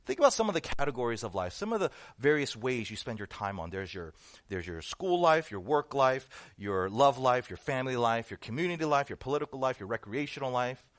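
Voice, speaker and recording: A man's voice: medium pitch, big pitch swings, fairly quick. A male pastor preaching a sermon, emphatic and full of rhetorical questions and repetition.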